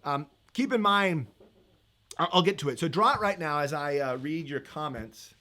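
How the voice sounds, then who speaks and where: A man's voice: a little high, normal speed, sharp tone, slight background noise. A man teaching economics in a live-stream review, chatty and upbeat, laughing easily as he reads viewer comments.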